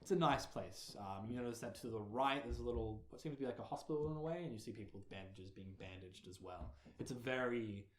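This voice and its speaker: A man from Australia narrating as game master of a tabletop game, describing scenes haltingly with many ums. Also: lowish voice. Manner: filler-heavy, halting description. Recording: echoey room with faint noise.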